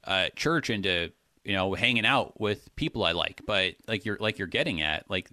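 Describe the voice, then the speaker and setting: A man's voice: deep voice, animated, normal speed, pushed and bright, dry recording, studio quality. A man explaining a point of Greek word order in a casual Bible discussion, thinking aloud with many restarts.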